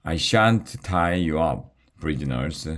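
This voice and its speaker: A man's voice: a bass voice, lively intonation, takes it slowly, fairly bright tone, heavily acted. A man voicing a prim, bossy female dragon who barks clipped, haughty commands at her prisoners in a storybook reading. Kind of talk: audiobook reading.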